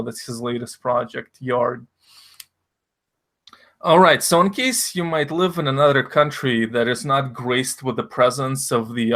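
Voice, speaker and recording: A man's voice: mid-range voice, a bit bright. A man whose first language is Russian, hosting a stream in a rambling, profane, jokey way. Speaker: stream host. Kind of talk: casual stream chat.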